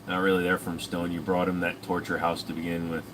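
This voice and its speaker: A man's voice: deep voice, monotone, fairly quick, background noise. Profane, joking young man chatting. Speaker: streamer answering chat. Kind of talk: casual live chat.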